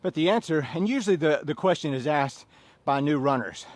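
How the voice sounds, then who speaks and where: A man in his fifties runs a fitness class. His voice sits a little high and sounds close and dry. He banters easily between exercises and shouts the rep counts. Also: animated, a little fast, no echo. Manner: joking, counting reps in loud bursts. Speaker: fitness instructor. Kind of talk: leading a workout class.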